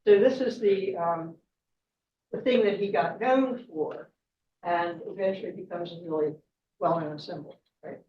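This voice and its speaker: A woman's voice: fairly low pitch, unhurried, slight background noise. A woman guest speaker telling a myth in a chatty way, laughing often and checking in with "right?". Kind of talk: storytelling talk at a club meeting. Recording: echoey room, distant mic, dull sound.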